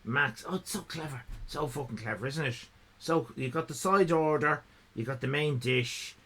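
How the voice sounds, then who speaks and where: A man's voice: on the high side, moderate pace, fairly bright tone. A man hosting a live stream in casual chat, rambling, laughing and thanking viewers. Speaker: livestream host.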